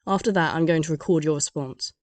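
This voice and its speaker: Woman narrator for comedy animation, sardonic and deadpan, lowish mellow voice, close dry mic. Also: fast, dry recording.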